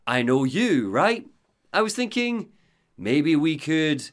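A man's voice: fairly high pitch, very animated, slow. A man voicing a smug, menacing male doppelganger in a sly, taunting way.

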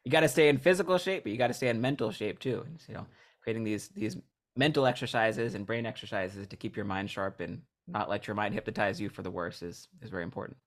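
A male hypnotist talking as a podcast guest. He tells his stories with a lot of energy and slips into quick impressions of the people he's describing, both his audience members and himself on stage. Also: fairly low pitch. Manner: animated storyteller, acts out voices of people he describes. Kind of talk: casual podcast interview.

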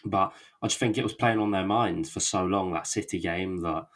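A man giving measured, reflective points in a casual football podcast debate. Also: low-pitched, a bit bright. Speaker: podcast panelist.

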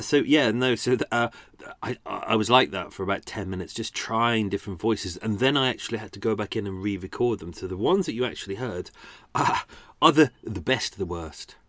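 A man's voice: fairly low pitch, moderate pace, fairly bright tone, dry recording. A man hosting a podcast, chatting casually with lots of fillers and self-deprecating asides. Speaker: podcast host. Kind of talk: casual chat.

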